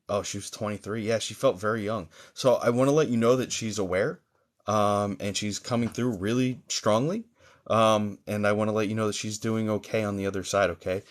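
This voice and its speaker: Speaking on the low side, this man is a psychic medium doing a reading over a live stream. His delivery is tentative and searching, dotted with pauses and filler words, and he offers viewers soft reassurance.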